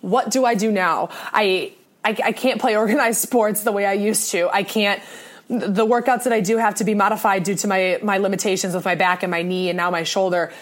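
A woman's voice: mid-range voice, steady tone, fairly quick. Young woman just talking it through, earnest, lots of restarts and trailing off. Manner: earnest, rambling with many restarts. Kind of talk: casual monologue.

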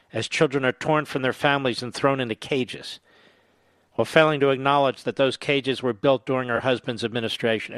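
Indignant man, bright dry voice. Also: mid-range voice, no echo. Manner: sarcastic, indignant, rising to angry shouting. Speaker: talk radio host. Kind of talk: political commentary.

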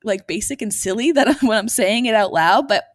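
Woman podcast co-host; earnest, easy laugh, medium pitch, dry close recording. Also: moderate pace, no echo. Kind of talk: casual podcast chat.

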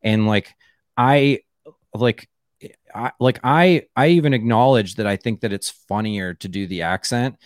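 Rambling low-voiced male comedian. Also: unhurried, dry recording, clean studio sound. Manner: rambling, full of "like" and restarts. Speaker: comedian guest. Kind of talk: casual podcast chat.

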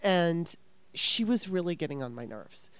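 A woman's voice: lowish voice, animated, unhurried, smooth, dry recording. A woman in her fifties telling a story casually, rambling and swearing with exasperation.

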